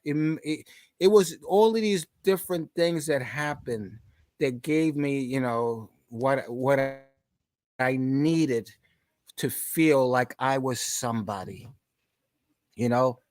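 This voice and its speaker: A man in his sixties, a podcast guest, telling stories in conversation and shouting out the lines of the people in them. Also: mid-range voice, takes it slowly, no room sound. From New York. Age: 60s. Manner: animated, shouts out quoted lines. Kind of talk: storytelling in conversation.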